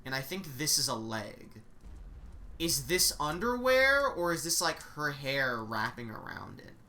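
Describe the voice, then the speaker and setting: A woman streamer talks over a game with candid, musing remarks. Her voice is bright and lively and climbs and dips a lot. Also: low voice, unhurried, a little hiss or hum. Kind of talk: casual game commentary.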